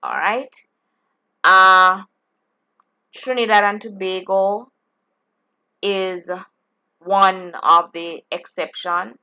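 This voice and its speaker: A woman teaching a geography exam-prep lesson, explaining slowly and deliberately, often restarting her phrases. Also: medium pitch, steady tone, sharp tone, clear, resonant tone, highs cut off.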